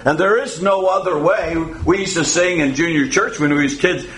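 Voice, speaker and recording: A man preaching a sermon as pastor, reading scripture slowly and deliberately, then praying and explaining it with frequent "uh" fillers. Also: on the high side, fairly bright tone.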